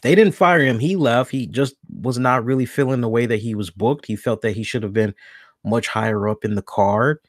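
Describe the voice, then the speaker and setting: A man's voice: fairly low pitch, no echo, clean studio sound. A man hosting a wrestling podcast alone, talking casually and rambling, thinking aloud and correcting himself as he goes. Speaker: podcast host.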